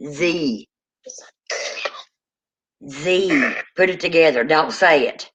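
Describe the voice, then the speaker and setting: A woman hosting a paranormal livestream, chatting casually and teasing, quick to laugh. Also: deep voice, fairly bright tone, husky. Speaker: paranormal show host.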